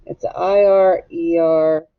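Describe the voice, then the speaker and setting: A woman teacher giving a recorded phonics lesson to young children, spelling words out letter by letter and sounding them out deliberately. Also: lowish voice, steady tone, smooth. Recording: dull lo-fi recording.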